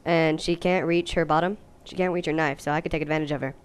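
A young woman giving goofy, jokey gameplay commentary, now and then breaking into silly high-pitched voices. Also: fairly even intonation, fast, smooth. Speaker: let's play host.

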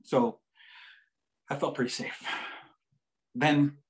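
A male psychologist giving a lecture. He tells a story in a joking, animated way. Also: a little high, slow, rough recording.

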